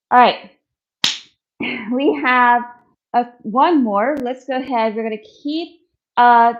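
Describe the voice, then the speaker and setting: Woman trainer leading a core workout, unhurried, encouraging, counts reps, slightly winded, mildly dull audio. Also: fairly high pitch. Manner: encouraging, counts reps aloud, demonstrates while talking. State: out of breath. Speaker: fitness instructor. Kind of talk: coaching a follow-along workout.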